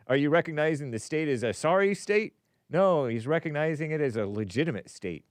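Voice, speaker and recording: A man's voice: a little high, animated, a little fast, dry recording, clean studio sound. A man hosting a rambling commentary show, talking casually with a wry, sarcastic edge. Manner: laughs at his own remarks. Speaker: host.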